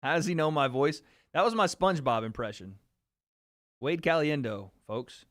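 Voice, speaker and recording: A man's voice: fairly high pitch, lively intonation, a bit bright, no echo, studio quality. A man hosting a casual livestream, joking and swearing while chatting with his viewers. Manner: joking, profane, quick asides to chat. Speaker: livestream host. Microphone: streaming microphone.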